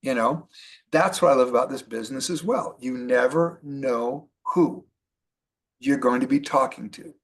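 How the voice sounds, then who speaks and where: A middle-aged man giving a motivational training talk as a network marketing trainer, animated and repeating his key points for emphasis. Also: mid-range voice, moderate pace, vocal fry.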